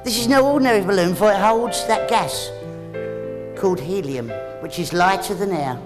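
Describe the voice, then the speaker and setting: A man in his thirties with a squeaky, high voice, doing cheeky, quick-fire stand-up comedy. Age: 30s. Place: theatre stage. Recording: live stage show with crowd and music. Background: audience laughter and music.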